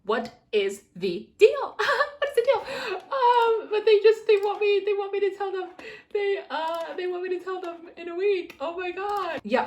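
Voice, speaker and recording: This twenty-something vlogger talks casually to camera at her home desk, sarcastically ranting about what frustrates her and squealing suddenly now and then. Her voice is extremely high-pitched and a little mellow.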